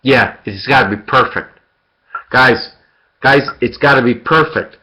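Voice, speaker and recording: A man's voice: medium pitch, measured pace, bright, forceful tone. A man giving an interactive surgery lecture, quizzing students by name and repeating key points. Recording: dull lo-fi lecture recording.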